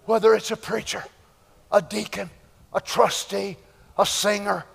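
A man preaching a fervent sermon, swinging between shouts and hushed asides, with long hall reverb. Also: high voice, animated, moderate pace, creaky. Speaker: pastor. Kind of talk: Pentecostal sermon.

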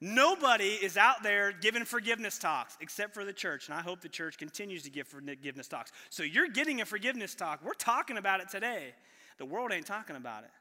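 Bright high-voiced man preaching. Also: sing-song, quick pace, long reverb tail. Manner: conversational, asks the audience rhetorical questions. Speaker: pastor. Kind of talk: sermon. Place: church sanctuary.

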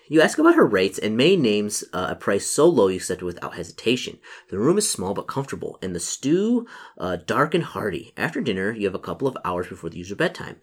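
A man reading aloud from a solo horror gamebook, breaking off for casual, joking asides. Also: on the low side. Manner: casual asides, chuckles at own slips. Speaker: solo gamebook player and narrator.

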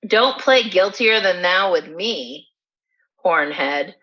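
Woman reading as a hungry storybook troll, blustering then guilty, bright edge, dull lo-fi sound. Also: lowish voice, normal speed. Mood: insistent. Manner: growling threats, then pleading. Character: hungry blustering male bridge troll turned guilt-ridden. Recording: dull lo-fi recording.

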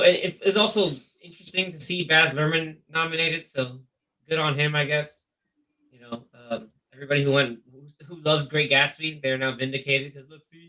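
A man co-hosting a podcast, his voice bright and sitting a little high for a man. He talks in a chatty, lively way and drives the conversation forward. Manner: chatty, lively, leads the talk. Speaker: podcast co-host. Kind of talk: casual chat about film awards.

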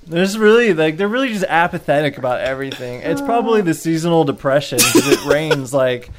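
A man's voice: on the high side, big pitch swings, normal speed, slight background noise. Casting: podcast guest, male, wry self-mocking chatter, laughs easily. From Portland area. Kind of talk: casual podcast chat.

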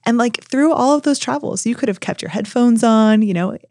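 A woman's voice: on the high side, normal speed, a little mellow, dry recording, studio quality. A woman co-hosting a podcast interview, reflecting on and summing up what her guest has said. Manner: reflective, sums up the guest's points. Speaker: podcast co-host. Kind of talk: conversational interview.

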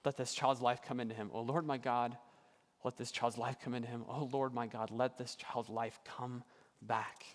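An anguished male prophet, as a preacher puts him on cries out to God and pleads with slow, earnest repetition. The voice carries through a spacious hall with long reverb. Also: medium pitch, little pitch movement, close to an everyday voice. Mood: pleading.

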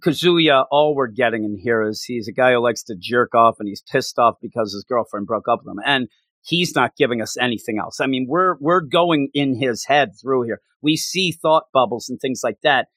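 A man co-hosting a casual podcast chat, talking animatedly and acting out characters' lines in quick bursts. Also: mid-range voice, fairly bright tone, no echo. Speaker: podcast co-host.

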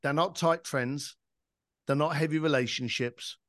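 A man's voice: a little high, a little slow, fairly bright tone, no room sound, clean studio sound. A middle-aged man from East London, telling stories as a podcast guest in an emphatic, casual way with some swearing. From East London, England. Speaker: podcast guest, entrepreneur and speaker. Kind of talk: conversational interview storytelling.

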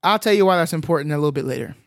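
A man casually retelling a film's plot as a podcast co-host, animated and full of filler sounds. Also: a little high, racing, vocal fry, no echo, studio quality. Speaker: podcast co-host recapping a film. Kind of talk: casual film recap chat.

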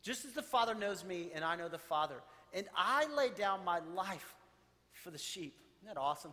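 High-voiced man preaching in a reverberant hall. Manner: animated preaching, quoting scripture and paraphrasing with rising intensity. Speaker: pastor. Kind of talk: sermon.

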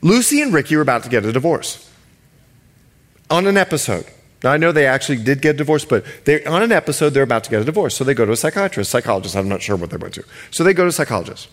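A male pastor from the Bahamas preaching a sermon. He stretches key words slowly for emphasis and jokes with the congregation. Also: mid-range voice, big pitch swings.

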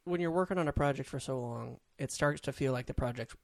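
A man's voice: medium pitch, quick pace, gravelly. A man co-hosting a casual comedy podcast, teasing his co-host and laughing often.

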